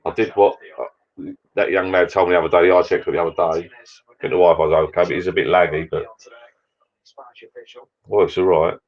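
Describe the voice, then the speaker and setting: A man's voice: low-pitched, fairly even intonation, fairly quick. A man hosting a casual live chat, full of cheeky banter and light swearing. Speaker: livestream host. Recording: dull lo-fi sound.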